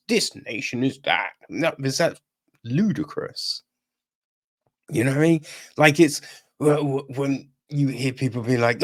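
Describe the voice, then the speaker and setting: A man reviewing films on a podcast, in a blunt casual chat, feeling unwell and often asking "right?" and "you know what I mean?". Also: medium pitch.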